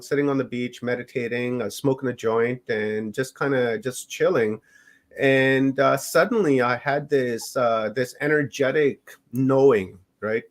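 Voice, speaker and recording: A middle-aged man from Canada, a podcast guest recounting his own experiences in a loose, unhurried way. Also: mid-range voice. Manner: unhurried, rambling storytelling. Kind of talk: personal storytelling in an interview.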